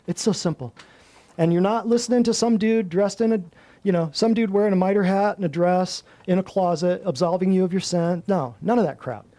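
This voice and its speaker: A man with a somewhat high but mellow, warm-toned voice rants to a live group. He is blunt and folksy, throws in slang, and stacks one item after another in long emphatic lists. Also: a little fast. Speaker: natural health clinic host. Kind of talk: preachy talk to a live group.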